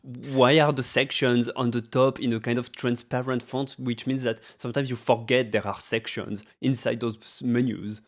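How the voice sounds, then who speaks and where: A man's voice: mid-range voice, flat delivery, moderate pace, hardly any pauses. A young man co-hosting a podcast in casual chat, laughing easily, hesitant, often trailing off mid-thought. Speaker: podcast co-host.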